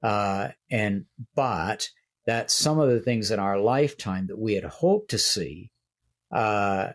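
Older man, slightly low voice, reflective host sharing faith stories in halting speech. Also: lively intonation. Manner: reflective storyteller, hesitant with many restarts. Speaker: church leader and podcast host. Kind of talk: casual conversation on faith.

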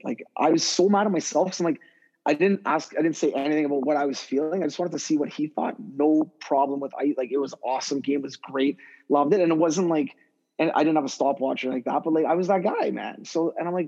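A fast-talking man rattles on in a loose, rambling way, piling up fillers and restarts as he makes his point. His voice is dark and a bit husky, and it comes through a dull, lo-fi remote recording. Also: fairly high pitch. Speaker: guest skill development coach. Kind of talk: casual podcast conversation.

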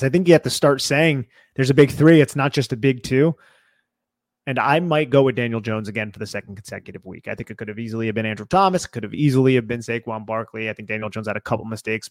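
Measured man talking football. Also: fairly low pitch, no echo, studio quality. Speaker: podcast co-host. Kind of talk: casual sports podcast analysis.

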